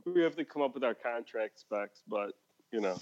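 A man's voice: medium pitch, animated, normal speed, darkish tone, lo-fi sound. A man co-hosting a casual podcast, rambling with restarts and laughing often. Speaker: podcast co-host. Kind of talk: casual chat.

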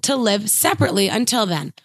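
A woman co-hosting a podcast, reading listener emails aloud in a relaxed way with asides. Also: medium pitch, fast, no echo, clean studio sound. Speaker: podcast co-host.

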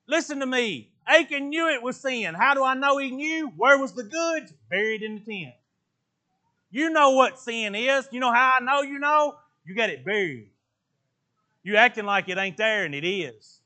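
A man preaching a sermon in colloquial speech, swinging from loud exclamations to hushed, earnest talk. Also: very high voice, moderate pace.

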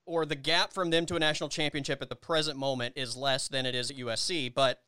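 A man's voice: medium pitch, level tone, fast, bright, forceful tone, clear, resonant tone, no echo. A man co-hosting a podcast, chatting casually about college football and building long arguments with many restarts. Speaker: podcast co-host. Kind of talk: casual sports chat.

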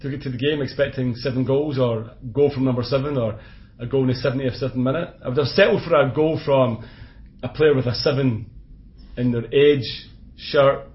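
A Scottish man co-hosting a casual football podcast, chatty and quick to laugh, with blunt opinions. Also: medium pitch. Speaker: podcast co-host. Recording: dull lo-fi podcast audio.

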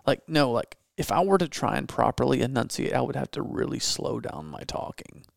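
A young man with an easy Southern drawl chats casually as co-host of a live stream. His voice has a gravelly texture and sits at a middle pitch. The sound is close and dry. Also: sing-song, brisk, dry recording. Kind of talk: casual chat.

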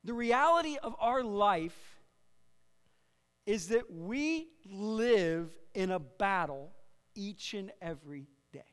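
A man with a notably high voice preaches to a congregation in a casual, conversational way, often repeating and restarting phrases. He draws the room in with call-and-response. His voice rings with long reverb from a large church hall. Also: lively intonation, takes it slowly, fairly bright tone, clear, resonant tone. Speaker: pastor. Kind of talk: sermon. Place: church sanctuary.

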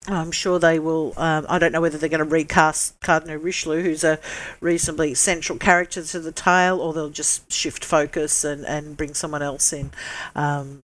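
A woman's voice: low voice, flat delivery, moderate pace. A woman co-hosting a TV review podcast, chatting casually with plenty of ums and hesitations. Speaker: podcast co-host. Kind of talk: casual chat.

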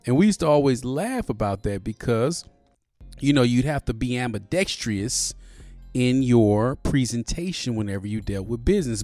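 A man in his forties hosting a podcast in a casual monologue, laid-back and profane, with lots of "you know" fillers. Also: medium pitch. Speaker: podcast host. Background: soft beat playing underneath.

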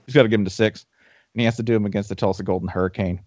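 Jokey guy on a sports podcast, lowish voice, dry close sound. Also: steady tone, rapid-fire, a little mellow, no room sound. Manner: jokey, emphatic. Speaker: podcast co-host. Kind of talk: casual sports chat. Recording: slightly dull lo-fi mic.

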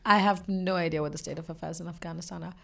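A woman's voice: lowish voice, fairly even intonation, fast talker, vocal fry. A young woman co-hosting a podcast, chatting in a playful, teasing way. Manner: playful, teasing, laughs often. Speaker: podcast co-host. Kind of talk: casual chat.

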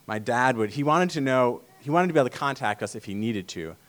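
A man from Vermont giving a casual sermon talk to a church meeting, telling stories in a relaxed way with many fillers. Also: mid-range voice, fast. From Vermont, USA. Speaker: church speaker.

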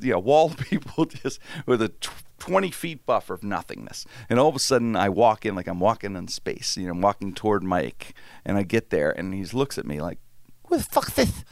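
A man from Pittsburgh chatting casually and telling stories, animated and swearing freely. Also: fairly low pitch, a little fast, creaky, dry recording. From Pittsburgh, USA. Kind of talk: casual chat, storytelling.

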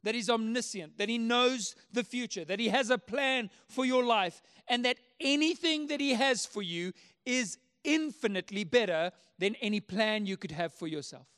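Male pastor with a very high voice, earnest, emphatic sermon delivery. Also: normal speed, a bit bright, smooth. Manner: earnest, emphatic preaching with repeated phrases.

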